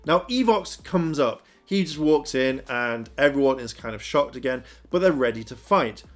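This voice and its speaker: A man's voice: mid-range voice, lively intonation, normal speed, faint music behind. A man giving a casual, rambling recap of a TV episode, full of fillers like "kind of" and "you know". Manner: rambling, filler-heavy retelling. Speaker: TV episode reviewer.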